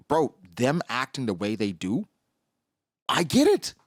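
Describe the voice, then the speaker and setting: A man giving casual, slangy commentary on a comic chapter, acting out characters in quick asides. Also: mid-range voice, huge pitch swings, dry recording, studio quality. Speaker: manga reaction host.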